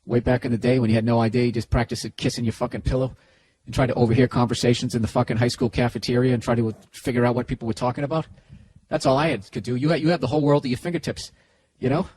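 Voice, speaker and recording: A man's voice: medium pitch, fairly even intonation, racing, a little mellow. Profane, sarcastic man with a Boston accent. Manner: profane, sarcastic and rambling, with restarts. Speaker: comedy podcast host. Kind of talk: comedic advice rant.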